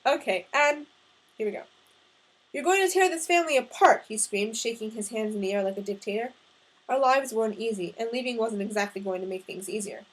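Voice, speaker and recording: A woman narrating a first-person novel in an expressive audiobook reading. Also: medium pitch, brisk, rough recording.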